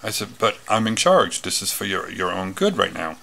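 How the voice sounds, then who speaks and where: A man's voice: low voice, very animated, normal speed, vocal fry, sharp tone. A man telling a personal story in a casual talk, rambling with many fillers and restarts. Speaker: retreat speaker.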